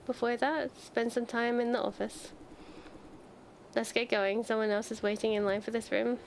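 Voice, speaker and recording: Woman reading a brisk office manager. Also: fairly high pitch, flat delivery, creaky, a little hiss or hum, poor audio. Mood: businesslike. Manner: matter-of-fact, businesslike. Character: brisk office manager reviewing a new hire. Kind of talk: reading game dialogue aloud.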